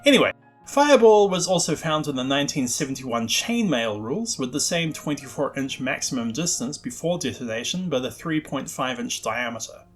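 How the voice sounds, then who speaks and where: A man's voice: mid-range voice, very animated, fairly quick, faint music behind. A man hosting a scripted narration about the history of a tabletop game spell, with wry, self-deprecating asides. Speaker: host.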